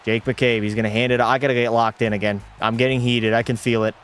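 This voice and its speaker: A man's voice: mid-range voice, little pitch movement, fast talker, a bit bright, smooth. A young man streaming a hockey video game, commenting live and talking to his chat while ranting in frustration and swearing at the game. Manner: talks to chat.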